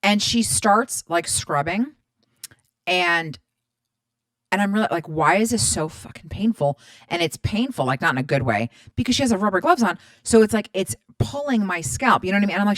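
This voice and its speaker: A woman in her thirties hosting a podcast, telling stories in a chatty, animated way, swearing freely and acting out both sides of each exchange. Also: mid-range voice, a little fast, no echo. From Middle Eastern background. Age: 30s. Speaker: podcast host. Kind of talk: casual storytelling monologue.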